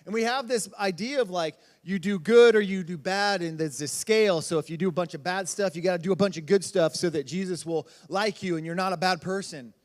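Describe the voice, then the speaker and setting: A man's voice: sits high, fairly quick, few pauses. A youth pastor in his thirties, giving a casual, conversational sermon and acting out quotes in voices. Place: church hall. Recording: long hall reverb.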